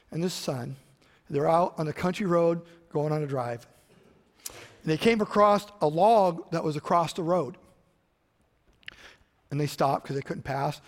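A middle-aged man preaching a sermon, telling stories and switching between loud emphasis and quiet asides. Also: fairly high pitch. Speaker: pastor. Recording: long hall reverb.

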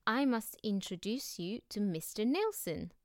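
A woman voicing a bold, boastful young girl who tells tall tales, loud and cheerful. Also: mid-range voice, very animated, a little slow, dry recording, studio quality.

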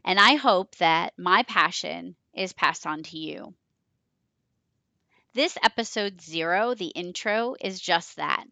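A woman in her forties opens her podcast with a chatty, enthusiastic monologue about her work, telling stories along the way. Her lowish voice is gravelly with a sharp tone, animated yet slow-paced, and the recording has no echo.

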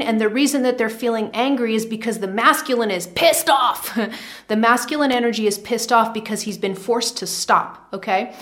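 Higher-voiced woman teaching spirituality. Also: a bit bright. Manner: repetitive, emphatic phrasing with frequent checks of okay. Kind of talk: teaching monologue to camera.

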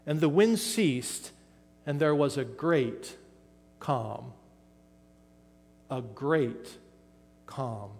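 An older man from western Pennsylvania preaching a sermon, pausing dramatically and letting key words trail off softly. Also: mid-range voice, expressive, gravelly, long reverb tail, soft background music. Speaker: pastor.

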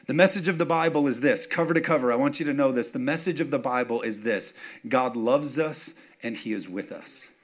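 A man's voice: mid-range voice, brisk. A man preaching a sermon in a casual, story-driven way, repeating key phrases and asking the congregation for amens. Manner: conversational, repeats phrases for emphasis, asks for amens. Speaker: pastor. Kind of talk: sermon with personal stories.

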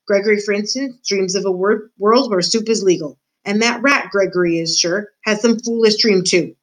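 A woman voicing an odd, gruff old man who works as a jailer and speaks of himself by name. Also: medium pitch, moderate pace, lightly acted.

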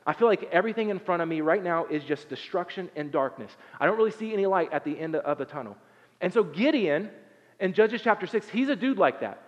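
A man preaching a sermon in a relaxed, conversational way, with many fillers and restarts. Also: high voice. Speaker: pastor. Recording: dull sound with long hall reverb.

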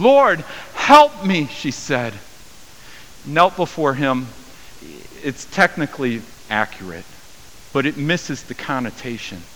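A male pastor preaching a sermon in a bright, forceful voice, slightly higher than most men. His voice rings with a long hall reverb, and faint hiss sits under the recording. He breaks into dramatic, raised voices when quoting the people of the story. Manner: acts out quoted voices with raised pitch and volume.

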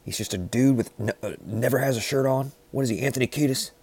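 Gravelly deadpan man riffing. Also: medium pitch, fast talker. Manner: deadpan, rambling riffs with frequent restarts. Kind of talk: rambling comedic banter.

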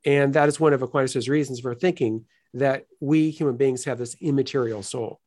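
A man as an interview guest, explaining philosophical ideas in an earnest, lively teaching manner and often checking in with "right?". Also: mid-range voice, moderate pace.

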